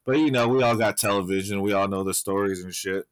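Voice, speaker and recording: A man with a fairly low voice tells loose, profanity-laced stories in casual chat. He rambles and leans on fillers. The sound is dry and close, with no room echo. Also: fast.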